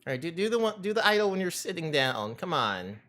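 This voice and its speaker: A man's voice: high-pitched, lively intonation, fast, a bit bright. A man casually chatting his way through a game, joking and rambling in playful asides. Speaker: gameplay streamer. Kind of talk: casual gameplay commentary.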